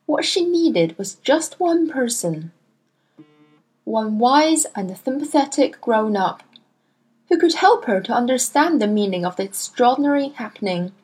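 A woman reading a children's storybook aloud in a measured, expressive way. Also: on the high side, slightly rough, low-quality recording. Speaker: narrator.

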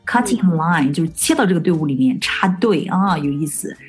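Woman host, breathy tone, explains and repeats phrases, lesson podcast. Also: deep voice, animated, faint music behind. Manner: explains each phrase, repeats English slowly, asks follow-up questions. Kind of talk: bilingual language-lesson podcast hosting.

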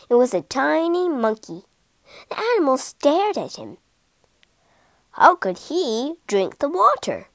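Slow, lively woman storyteller. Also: sits high, no echo. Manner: slow, clear, expressive reading. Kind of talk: storybook narration for English learners.

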